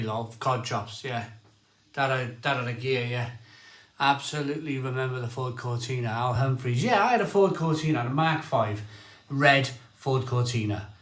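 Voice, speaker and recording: A middle-aged man hosting a casual livestream, telling rambling, excitable stories and reading out viewer comments. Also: mid-range voice, roomy sound. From Barry, Wales. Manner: rambling storyteller, lively and excitable, often restarts sentences. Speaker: livestream host.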